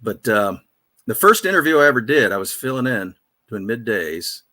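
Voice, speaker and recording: A man's voice: medium pitch, animated, moderate pace, bright, forceful tone, dry recording. A man, a veteran radio DJ, casually telling rambling, self-deprecating stories in a studio interview. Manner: rambling, self-deprecating anecdotes with many fillers. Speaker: radio DJ guest.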